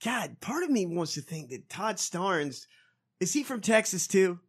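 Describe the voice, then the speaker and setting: A man's voice: high voice, big pitch swings, a little slow, husky. A man co-hosting a casual podcast chat, profane and incredulous, laughing often. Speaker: podcast co-host.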